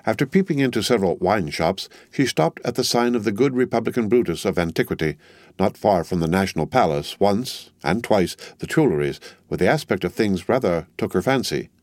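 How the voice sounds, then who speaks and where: A man narrating a classic novel in a measured, literary storytelling manner. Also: fairly low pitch, animated, darkish tone, no echo. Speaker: audiobook narrator. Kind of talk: scripted narration. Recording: dry close studio sound.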